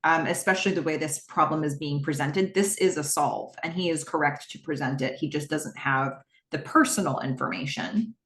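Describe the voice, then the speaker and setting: A woman's voice: low-pitched, moderate pace, few pauses, fairly bright tone. A woman hosting a podcast, recapping a TV episode in a chatty way with laughing asides. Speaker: podcast host. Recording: roomy echo.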